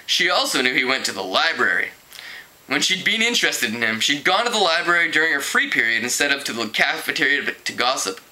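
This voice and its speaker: A man reads a teen novel aloud casually in a quick, sing-song voice with a sharp tone, captured on a low-quality recording. He stumbles over words, corrects himself, laughs at the story and raises his pitch to voice the characters.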